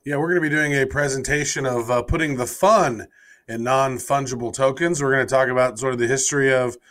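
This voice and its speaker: A man's voice: mid-range voice, fairly even intonation, a little fast, fairly bright tone. A man co-hosting a casual crypto podcast, bantering and trading jokes with his partner. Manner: bantering, wisecracking. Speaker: podcast co-host. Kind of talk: casual comedic podcast chat.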